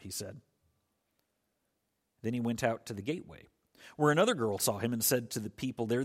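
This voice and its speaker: A man's voice: medium pitch, a little fast, pauses often. A man preaching a sermon earnestly, with frequent restarts and emphatic rises in his voice. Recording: long hall reverb.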